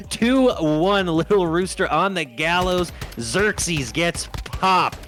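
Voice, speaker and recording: Male esports play-by-play caster, bright and slightly high voice, jokey with puns, faint music under him. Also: expressive, takes it slowly, few pauses. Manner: jokey, punning, laughs often. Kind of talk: play-by-play commentary.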